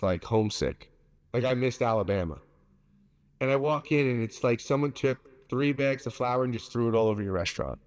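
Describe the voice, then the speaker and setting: A man's voice: mid-range voice, in a large hall. Blunt, candid man telling his story. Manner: blunt, candid, fast-moving storyteller with restarts. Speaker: guest, pizza maker. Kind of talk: casual storytelling interview.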